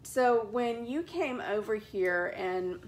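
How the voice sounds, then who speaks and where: A woman hosting a casual chat show, talking in an animated, dramatic way and acting out scenes in high squeals. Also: takes it slowly. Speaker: podcast host.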